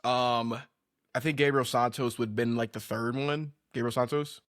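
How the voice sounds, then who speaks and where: A man's voice: mid-range voice, fairly even intonation, moderate pace, fairly bright tone, dry recording, clean studio sound. An American man co-hosting a podcast, insistently arguing his point in casual debate and calling people bro. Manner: insistent, argumentative, says bro often. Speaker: podcast co-host.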